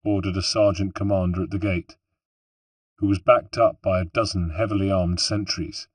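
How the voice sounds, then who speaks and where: A man narrating an audiobook in a steady, measured way. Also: low-pitched, dry recording, distant mic. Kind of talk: scripted narration.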